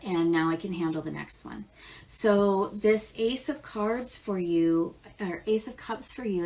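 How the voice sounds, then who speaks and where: A woman's voice: lowish voice, darkish tone. A woman giving casual live tarot readings, chatty and affectionate, calling listeners darling and baby and swearing now and then. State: amped up. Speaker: tarot reader.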